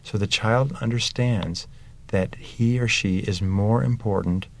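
A man's voice: fairly low pitch, measured pace, gravelly. A middle-aged man talking earnestly about family values, telling stories from his own home life. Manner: earnest storytelling with examples. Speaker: parenting speaker.

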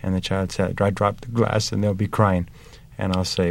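A middle-aged man with a low, gravelly voice, speaking about parenting in an earnest storytelling manner. He leans on everyday examples as he talks. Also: little pitch movement, moderate pace, darkish tone.

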